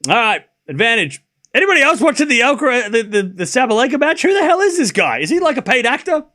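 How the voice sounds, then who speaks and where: A man's voice: very high-pitched, very animated, fast talker, sharp tone. A man commentating a tennis match live on stream, chatty and incredulous, laughing often and talking to his chat.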